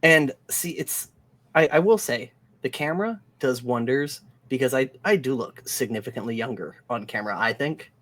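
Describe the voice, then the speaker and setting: A man's voice: medium pitch, lively intonation, moderate pace, a bit bright. A man co-hosting a live stream, joking and telling rambling stories in casual chat. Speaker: stream co-host.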